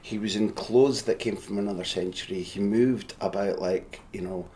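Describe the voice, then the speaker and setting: Low-voiced male podcast host. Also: moderate pace, a little mellow, slight background noise. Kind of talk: casual interview.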